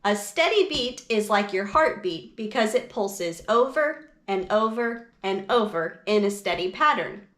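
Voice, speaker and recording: A woman music teacher explaining a lesson for parents and teachers in a slow, clear, patient way. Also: mid-range voice, animated, fairly bright tone, echoey room.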